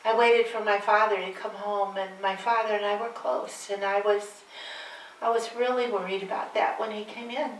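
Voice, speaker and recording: An older Mary, played by a woman on stage spins her story with wry asides to the listeners. Her voice sits at an ordinary middle pitch. It comes from some distance in an echoey room. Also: fairly even intonation, moderate pace, slight background noise, natural voice. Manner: chatty, wry asides to the audience. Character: aged Virgin Mary, wry, homespun storyteller. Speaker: one-woman stage performer. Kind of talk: live character monologue.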